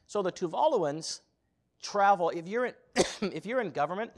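A man preaching a sermon as a missionary, telling a story with animated, rising passion. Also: high-pitched, normal speed.

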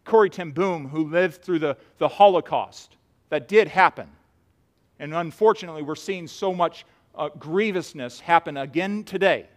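Male pastor, sermon delivery, pitch a little high, passionate, loud pleas dropping to quiet earnestness. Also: moderate pace. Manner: impassioned, swings from loud pleading to quiet earnest talk. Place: church sanctuary.

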